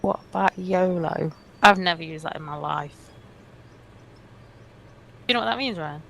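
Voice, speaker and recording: A woman co-hosting a gaming stream, her voice low and gravelly with a lot of fry. She is blunt and teasing and swears casually in relaxed chat. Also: a little slow.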